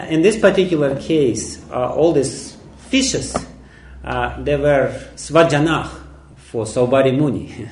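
A man's voice: fairly high pitch, a little hiss or hum. Emphatic man preaching in an echoey room. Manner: emphatic, laughs often, frequent fillers. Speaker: lecturer on scripture. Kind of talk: sermon.

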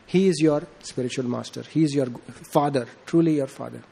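A man's voice: fairly even intonation, fast talker, creaky, hardly any pauses, mellow. A man giving an informal devotional sermon, telling a story with acted-out dialogue and many fillers. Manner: acts out quoted dialogue with rising pitch, frequent fillers. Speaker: speaker giving a devotional talk.

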